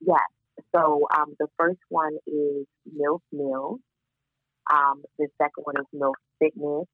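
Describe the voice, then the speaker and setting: A woman's voice: deep voice, slow, dry recording. Baltimore-accented woman guest, emphatic chat, a bit lo-fi and dry. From Baltimore, USA. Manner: animated, emphatic, laughs often. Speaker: podcast guest, founder of a moms' community. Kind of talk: casual chat.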